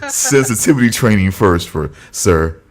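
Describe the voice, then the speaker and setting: A man's voice: fairly low pitch, sing-song, moderate pace, a little hiss or hum. A man co-hosting a casual podcast chat, laughing a lot and mock-scolding a friend with teasing banter. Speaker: podcast co-host.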